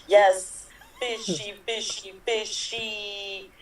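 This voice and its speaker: A woman improvising a playful comedy poem, hesitant and unhurried, over a video call. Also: medium pitch, flat delivery. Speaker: improv performer. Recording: roomy, distant mic.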